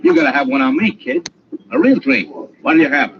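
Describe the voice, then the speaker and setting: A shifty bar owner in an old-time radio drama, all glad-handing charm that turns nervous when he is pressed. His voice moves lively up and down. The sound is dull and lo-fi, with a faint hiss. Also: fairly high pitch, brisk, creaky. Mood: friendly. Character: shifty male bar owner, smooth and evasive.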